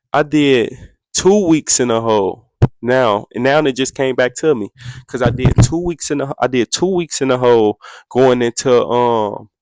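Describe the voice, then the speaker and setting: A young man tells a story as a podcast guest, with lively energy and quotes he jumps up high to act out. His voice sits at an ordinary middle pitch for a man. The sound is close and dry, with no room around it. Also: smooth, no room sound. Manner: excitable, acts out quotes in a much higher voice, sound effects. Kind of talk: animated storytelling.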